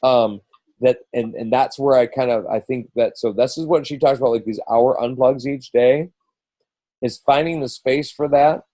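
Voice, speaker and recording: Middle-aged male coach on a team call. Dark, mellow tone on a dry close mic. Casual and rambling, with lots of restarts. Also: mid-range voice, normal speed, no echo, rough recording. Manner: rambling, full of restarts and quoted asides.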